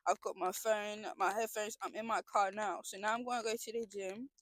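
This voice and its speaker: A woman's voice: mid-range voice, fairly even intonation, brisk, fairly bright tone, no room sound. A young woman talking in a casual confessional vlog, earnest and emotional, rambling with frequent restarts. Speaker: vlogger.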